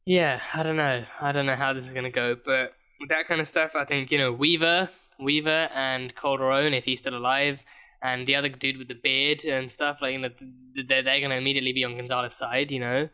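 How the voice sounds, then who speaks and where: A man talks through a TV episode in a loose, unscripted review, circling back on himself and tripping over repeated words while he works out his thoughts. His voice has a bright, forward edge at a middle pitch. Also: flat delivery, brisk, smooth. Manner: rambling, many restarts and stammered repeats. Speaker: TV reaction reviewer.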